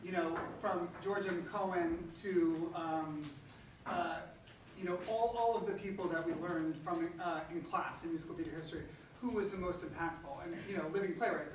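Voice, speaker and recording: A man's voice: on the high side, fairly bright tone. A man who teaches theater, talking casually and rambling, often repeating himself. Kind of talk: casual chat. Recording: echoey distant noisy room mic.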